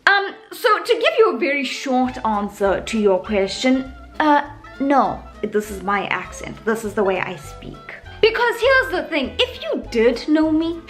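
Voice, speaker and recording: Brief: young South African woman, high and animated, chatty vlogger, South African English accent. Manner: chatty, animated, self-mocking. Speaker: YouTuber. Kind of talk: casual talking-to-camera vlog.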